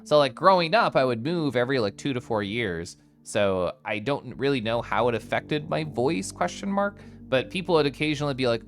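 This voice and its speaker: Talking fairly quickly with few pauses, a young man from the US streams over soft background music, his medium-pitched voice energetic as he reads chat aloud and answers viewers, laughing and tossing in asides.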